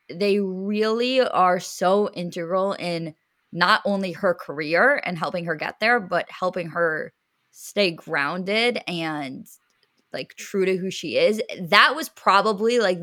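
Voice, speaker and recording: A woman co-hosting a podcast in casual chat, talking in quick, chatty bursts with many fillers. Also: on the low side, fairly bright tone, no room sound, clean studio sound. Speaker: podcast co-host.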